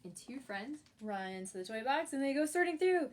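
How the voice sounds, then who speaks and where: A woman's voice: a little high, very animated, fairly quick, slight background noise. A woman librarian reading a picture book aloud for children at storytime. She talks in a chatty way and asks the listeners questions. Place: library, recorded for an online video.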